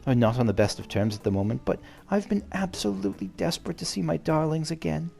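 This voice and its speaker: A man with a gruff voice reading a refined, sassy middle-aged noblewoman from a game, in a put-on refined tone. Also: on the high side, sing-song, fast talker, dark tone, soft background music. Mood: gracious. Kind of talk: reading game dialogue aloud.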